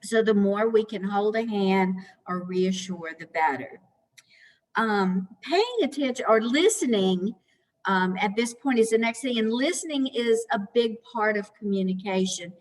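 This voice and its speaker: Slow, patient woman presenter in a reverberant room. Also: medium pitch. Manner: calm, patient, conversational, with gentle acted examples. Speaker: presenter at a caregiver education talk. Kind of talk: educational talk.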